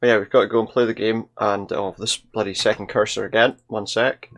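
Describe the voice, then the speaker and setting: A man with a slightly low voice chats casually while playing a video game. He thinks out loud and reads the characters' lines as he goes, talking close to a desk microphone. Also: flat delivery, fairly quick. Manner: chatty, thinks aloud and reads in-game dialogue. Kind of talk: casual let's-play commentary.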